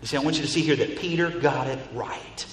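A man's voice: medium pitch, quick pace. A man preaching a sermon as pastor, emphatic and repeating phrases for stress. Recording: echoey hall reverb, faint ambience.

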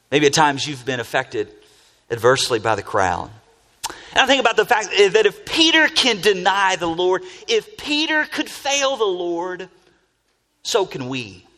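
A man preaching a sermon as pastor, expressive, with rhetorical questions and frequent restarts. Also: a little high. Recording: long reverb of a large hall.

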